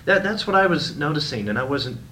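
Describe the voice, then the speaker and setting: A man's voice: fairly high pitch, animated, brisk, background noise. A male interviewer asking polite, tentative questions.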